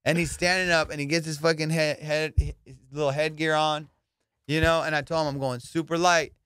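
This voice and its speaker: Guy telling a loud funny story on his podcast, swears a lot, slightly high voice, dry close mic. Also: brisk, clean tone, dry recording. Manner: profane, animated, acts out quotes. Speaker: podcast host. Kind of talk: comedic storytelling.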